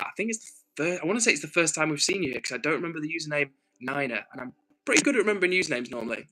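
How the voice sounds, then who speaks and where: Fast and animated, his pushed, bright voice sits on the high side, captured on a low-quality recording. The man, from northern England, reads out viewer messages on a casual livestream, talking earnestly and thinking aloud with many ums and restarts.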